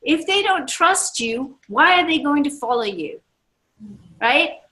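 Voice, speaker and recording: A woman's voice: high voice, lively intonation, slow, bright, forceful tone, rough recording. A woman in her sixties gives a motivational seminar talk to a live audience as a business leader, enthusiastic and emphatic, often repeating her key phrases. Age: 60s. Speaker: network marketing leader.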